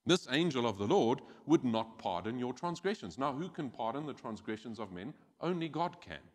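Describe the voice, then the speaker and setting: A man preaching a sermon as pastor, animated and acting out quoted voices. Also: medium pitch, normal speed. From South Africa. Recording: church hall with long reverb.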